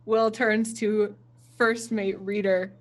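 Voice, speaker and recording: A woman's voice: medium pitch, level tone, takes it slowly. A woman player in a tabletop game, chatting and laughing.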